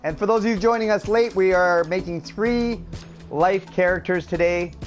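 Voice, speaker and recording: Man from canada, gaming streamer, chatty and upbeat, slightly high voice, talks to chat. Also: moderate pace, faint music behind. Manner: upbeat, chatty, laughs often, talks to viewers. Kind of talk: casual let's-play commentary.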